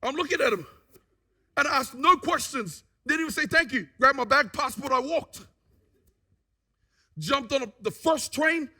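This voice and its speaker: Testimony speaker: man, very high and bright voice, lively storyteller. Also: moderate pace. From New Zealand. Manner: animated storyteller who acts out what people said. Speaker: guest speaker giving a testimony.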